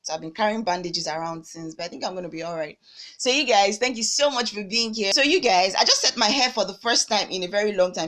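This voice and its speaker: Fast-talking Nigerian woman vlogger. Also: on the low side. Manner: animated, acts out dialogue with pidgin slang. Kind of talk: casual storytelling vlog.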